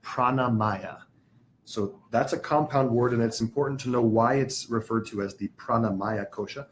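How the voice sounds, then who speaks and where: A man's voice: medium pitch, normal speed, a little hiss or hum. A man teaching a spiritual class, patiently explaining terms, spelling words out and asking the class questions.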